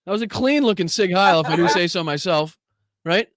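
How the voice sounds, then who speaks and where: A man's voice: high voice, animated, fairly quick, no echo, clean studio sound. A male political commentary host reacting to clips on a live stream, swearing and laughing often in disbelief. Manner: profane, incredulous, laughs often.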